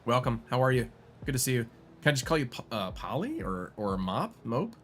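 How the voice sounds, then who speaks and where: A man's voice: medium pitch, sing-song, fairly quick, fairly bright tone, a little hiss or hum. A man streaming a golf video game, rambling and joking as he thinks aloud with lots of fillers. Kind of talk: casual gameplay commentary. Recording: music playing behind. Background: game music.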